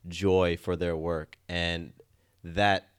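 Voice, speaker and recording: A man chatting casually as a guest, easygoing and quick to laugh at himself. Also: sits low, clear, resonant tone. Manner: easygoing, laughs at himself, animated when excited. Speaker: podcast guest. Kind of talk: casual conversation.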